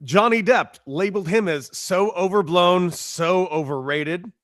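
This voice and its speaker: A man co-hosting a casual sports talk show, excitable and quick to laugh as he reads out items. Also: high-pitched, no echo, clean studio sound.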